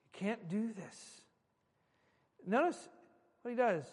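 A male pastor preaching a sermon emphatically, moving from loud stresses to hushed asides. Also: high-pitched, expressive, takes it slowly, breathy edge, in a large hall.

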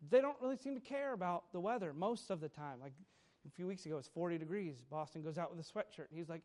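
A man's voice: on the high side, animated, quick pace, a little mellow. A man in his thirties preaching a sermon as pastor, telling family stories with sudden emphatic bursts.

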